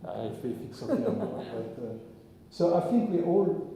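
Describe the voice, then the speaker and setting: Rabbi, male, earnest reflective sermon, mellow dark tone, reverberant hall. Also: a little high, sing-song, moderate pace, gravelly, a little hiss or hum. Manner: earnest, searching, with frequent restarts. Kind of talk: informal sermon talk with the congregation. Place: synagogue hall. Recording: echoey hall, long reverb.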